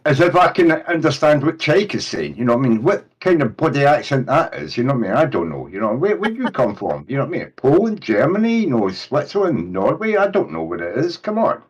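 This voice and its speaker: A man's voice: medium pitch, very animated, fast talker, few pauses, breathy edge. Guy in his sixties, rambly, keeps saying you know what i mean. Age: 60s. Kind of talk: casual group call chat.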